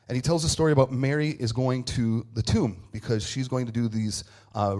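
Male pastor, mid pitch, chatty storytelling sermon, animated. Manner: conversational, animated storytelling with laughs and asides. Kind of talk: Easter sermon.

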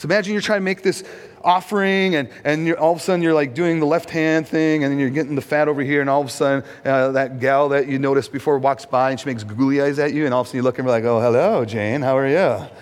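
A man's voice: fairly high pitch, steady tone, quick pace, smooth. A man preaching a sermon as a pastor. He talks in a conversational way, asks the audience questions, and acts out quotes. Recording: long hall reverb.

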